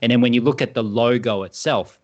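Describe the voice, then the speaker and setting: A man's voice: medium pitch, fairly quick, a little mellow, lo-fi sound. A man with an Australian accent, a badminton brand co-founder, explaining at length in a casual interview over a video call. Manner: enthusiastic, rambling explanations.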